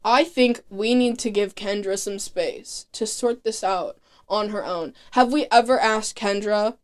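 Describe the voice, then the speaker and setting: Woman doing a solemn male hero, quiet, measured, earnest. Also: mid-range voice, natural voice.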